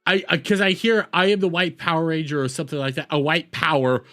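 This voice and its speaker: A man's voice: a little high, steady tone, fast, pushed and bright, soft background music. A young man casually reacting to clips on a stream, crude and swearing, repeating his words as he goes.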